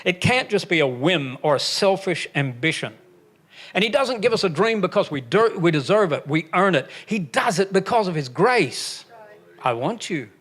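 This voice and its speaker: An older pastor delivers a sermon, his voice sitting a little high for a man. He preaches emphatically and drops folksy, joking asides between his points. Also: lively intonation, moderate pace, fairly bright tone. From Alabama, USA.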